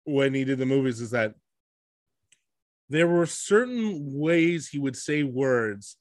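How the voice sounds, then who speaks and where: A man co-hosting a podcast in casual chat, excitable and loose, with many fillers and swearing. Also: mid-range voice, takes it slowly, dry recording, clean studio sound. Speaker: podcast co-host.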